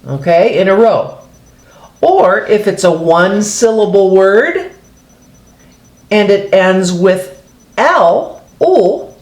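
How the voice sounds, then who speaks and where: A woman teaches an early-grade phonics lesson to young children, patient and sing-song, showing pages as she explains. Her mid-range voice sounds reverberant.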